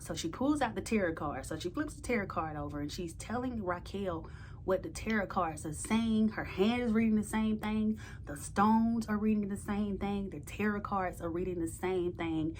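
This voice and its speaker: A woman telling a story to camera in an informal, slangy way, growing loud and emphatic when worked up. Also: medium pitch, normal speed, slight background noise. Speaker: storytime vlogger. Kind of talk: casual storytelling.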